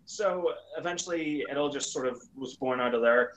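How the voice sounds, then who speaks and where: A man in casual conversation, telling his stories with lots of energy. He slips into a higher voice to act out the lines of the people he quotes. His voice sits in an ordinary middle pitch. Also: a little fast, slight background noise, low-quality recording. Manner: animated storyteller, acts out quoted lines in a higher voice. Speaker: YouTuber guest. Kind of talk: casual chat.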